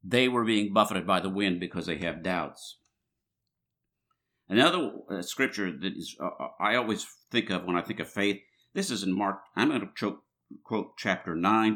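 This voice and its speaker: A man's voice: fairly low pitch, pushed and bright. A man preaching a sermon in a conversational way, reading scripture aloud, with frequent restarts and filler words.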